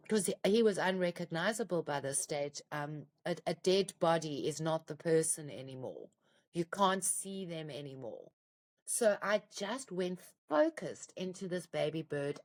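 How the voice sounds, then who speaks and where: Heartfelt woman telling a raw story. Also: on the low side. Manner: raw, heartfelt, close to tears. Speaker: podcast guest, author. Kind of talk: emotional personal storytelling.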